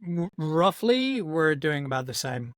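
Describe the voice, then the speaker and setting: A podcast co-host from Yorkshire, a man, putting on an American accent in a slightly high voice. He swears freely and mocks himself through casual banter, and the sound is dry and close. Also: very animated, unhurried, fairly bright tone, dry recording. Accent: put-on American accent. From Yorkshire, England. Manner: sweary, self-mocking banter.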